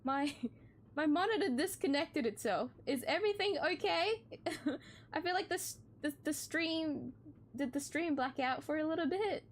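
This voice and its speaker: A woman streamer chats casually over her game, swearing freely and breaking into laughs. Her voice is high and bouncy, her pace unhurried, and she has a slight cough. A faint hiss runs underneath. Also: animated.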